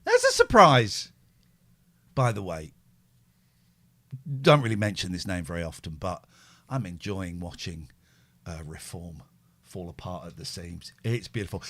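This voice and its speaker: A middle-aged man co-hosting a podcast, giving sarcastic, animated commentary on an old soap. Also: sits low, normal speed. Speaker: podcast co-host. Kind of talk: casual comedic commentary.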